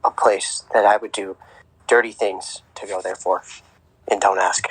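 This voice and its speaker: A man putting on a hushed, whispering golf announcer voice, as whispered role-play on a podcast. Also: on the low side, level tone, a little slow, husky, no room sound, low-quality recording. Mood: reverent. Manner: hushed golf-broadcast murmur. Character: hushed golf announcer, male adult, reverent. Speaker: podcast co-host.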